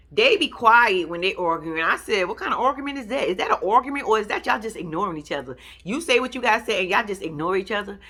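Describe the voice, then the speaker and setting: A woman recapping a reality show in a casual, blunt, swearing style, throwing her pitch up high for emphasis. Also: pushed and bright.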